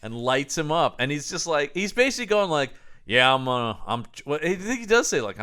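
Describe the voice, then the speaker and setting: A man's voice: on the high side, very animated, a little fast, few pauses, clear, resonant tone. Enthusiastic man chatting about movies. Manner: reads out film quotes with amused enthusiasm, drops quiet on punchlines. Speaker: podcast co-host. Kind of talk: casual movie review chat.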